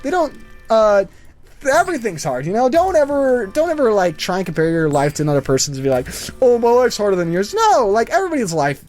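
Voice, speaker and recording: A man's voice: high voice, a little mellow. A man hosting a gaming channel, rambling through a story with lots of fillers while he plays. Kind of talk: casual commentary over gameplay.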